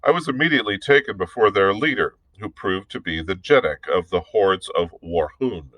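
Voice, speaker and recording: Man, librarian, reading a novel aloud, low voice, measured and deliberate, small restarts, dry close sound. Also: lively intonation, fairly bright tone, no echo, low-quality recording.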